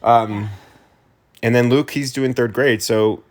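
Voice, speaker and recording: A man's voice: medium pitch, steady tone, slow, darkish tone. A man in his thirties from New Mexico, co-hosting a casual podcast from his living room couch, rambling and correcting himself as he talks. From New Mexico, USA. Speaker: podcast co-host, teacher. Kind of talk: casual chat.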